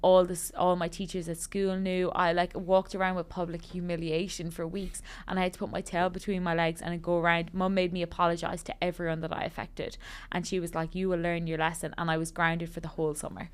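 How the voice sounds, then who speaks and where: Woman telling a lively story. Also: on the low side, fairly quick, clear, resonant tone. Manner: animated storyteller acting out quoted voices. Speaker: podcast co-host. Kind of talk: casual storytelling chat.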